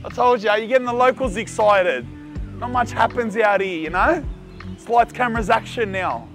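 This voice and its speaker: A young Australian man hosting a food vlog, chatting in a loud, joking, slangy way. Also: high-pitched, normal speed, faint music behind. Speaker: food vlogger host. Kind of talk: casual vlog chat.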